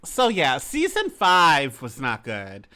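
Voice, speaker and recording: A young woman with a strikingly low voice and a bright, forceful edge co-hosts a casual podcast. She is chatty and teasing and drops quick asides. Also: huge pitch swings. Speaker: podcast co-host. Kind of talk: casual chat.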